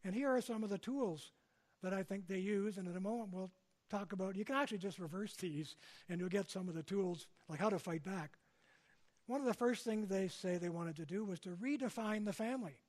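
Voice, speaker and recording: Speaking a little fast, this older man from Canada has a high, slightly mellow voice. He lectures publicly in a chatty way, often tossing tag questions to his audience to check in.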